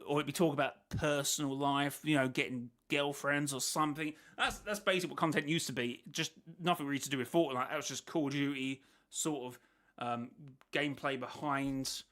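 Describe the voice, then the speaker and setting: A man's voice: mid-range voice, steady tone, a little fast, a bit bright. A man hosting a casual reaction stream, rambling and second-guessing himself as he thinks aloud. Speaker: host reacting to a video.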